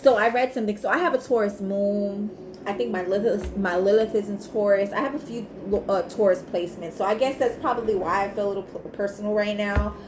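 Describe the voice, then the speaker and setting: A woman's voice: medium pitch, fairly even intonation, fairly quick, background noise. A woman giving a casual tarot reading to camera, blunt and emphatic, swearing freely. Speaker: tarot reader. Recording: echoey room with faint ambience.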